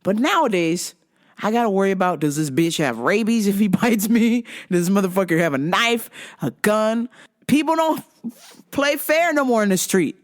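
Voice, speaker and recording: A middle-aged woman vlogger tells a street story in a loose, conversational way. Her voice swoops wildly in pitch. She is profane and animated, and slips into other people's voices as she goes. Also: moderate pace. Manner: animated, profane, acts out quotes. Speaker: vlog host. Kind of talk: casual storytelling.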